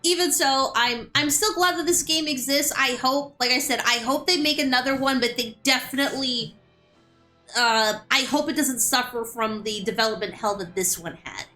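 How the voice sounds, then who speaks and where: Bright high-voiced woman chatting. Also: normal speed. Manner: chatty, animated, repeats words when starting. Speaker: streamer. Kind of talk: casual chat while playing. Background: game music.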